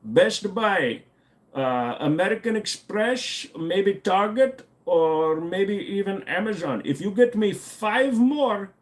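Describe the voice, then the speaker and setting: An insistent, pleading phone scammer with a put-on accent, voiced by a man as a streaming gag. He sits a little higher than a usual male voice and keeps piling on demands in a comic impression. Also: animated, slow.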